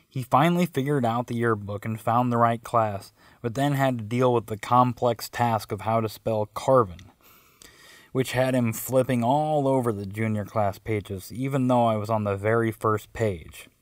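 A man narrates a story of his own in a wry, self-mocking way. His pitch sits in the middle, and the recording is dry and close. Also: no room sound. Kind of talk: first-person storytelling.

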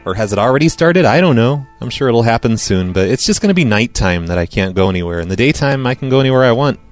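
A man's voice: medium pitch, expressive, fast, soft background music. Dry, sarcastic man hosting a podcast. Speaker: podcast host. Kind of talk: casual voicemail show banter.

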